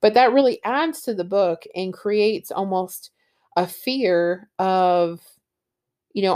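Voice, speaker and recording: A woman's voice: medium pitch, slow pace, a little mellow. Enthusiastic woman book reviewer, casual, reads passages aloud. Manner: enthusiastic, with fillers like um and you know.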